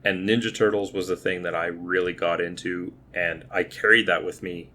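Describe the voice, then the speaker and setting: A man's voice: low-pitched, steady tone, moderate pace, bright, forceful tone. A man in his thirties co-hosting a podcast, chatting casually and restarting his words as he thinks. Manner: talkative, repeats words while thinking. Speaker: podcast co-host. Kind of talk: casual movie review chat.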